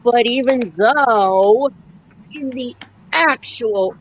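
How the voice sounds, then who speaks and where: A woman's voice: on the high side, drawn-out words. A woman chatting on a video call, hesitant and often correcting herself. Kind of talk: casual video-call chat. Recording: dull call audio with faint noise.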